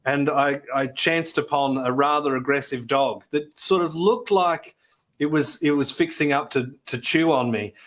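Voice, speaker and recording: A man, a podcast guest and depreciation expert, telling self-deprecating stories and explaining plainly in a relaxed interview. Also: medium pitch, unhurried. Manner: chatty, self-deprecating storyteller. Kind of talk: conversational interview, anecdotes and explanations.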